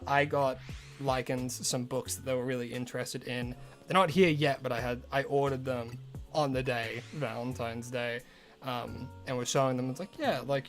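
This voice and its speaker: A male streamer chatting casually on a live stream, rambling and loose, full of "like" and restarts, with soft game music behind him. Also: medium pitch.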